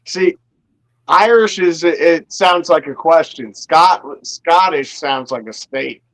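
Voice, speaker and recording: Easygoing man, slightly high voice. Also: slow pace, a bit bright, rough recording. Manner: easygoing, self-deprecating banter. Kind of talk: casual chat.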